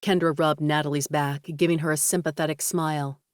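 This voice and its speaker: A woman narrating an audiobook in an even, measured reading. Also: low voice, no echo, studio quality. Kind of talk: scripted narration.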